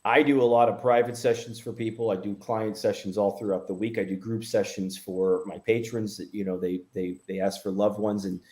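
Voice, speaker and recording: A man's voice: on the low side, fairly even intonation, brisk, few pauses, a little mellow. A man, a medium guest, telling a story in a casual interview, rambling with many fillers and restarts.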